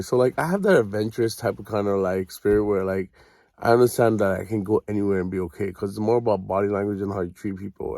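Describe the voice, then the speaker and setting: Profane rambling young man, low voice. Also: dark tone, dry recording, clean studio sound. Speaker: vlogger. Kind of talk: casual ranting monologue.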